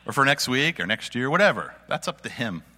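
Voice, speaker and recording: A man's voice: medium pitch, very animated, a little fast, sharp tone, big-room sound. A man speaking at a church gathering, delivering an informal sermon in a folksy, conversational storytelling way. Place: church meeting space with audience.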